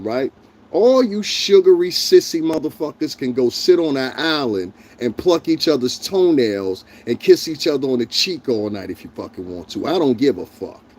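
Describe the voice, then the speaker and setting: A livestream host with a medium-pitched, darkish voice rants heatedly at his chat viewers, addressing them directly. He's confrontational and profane throughout.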